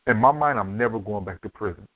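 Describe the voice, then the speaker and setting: A man from Miami tells his life story as a podcast guest, playing out each exchange with the people in it. He talks at a rapid clip. The sound is thin and phone-like, and very dry. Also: lowish voice, no room sound. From Miami, Florida. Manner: vivid storyteller who acts out quoted dialogue. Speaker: podcast guest, author and speaker. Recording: dry, tinny phone-like line.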